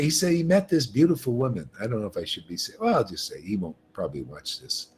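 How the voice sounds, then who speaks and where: A man hosting a livestream, preaching with animated emphasis, repeating himself and laughing often. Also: fairly low pitch, quick pace, husky. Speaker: livestream host. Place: livestream setup.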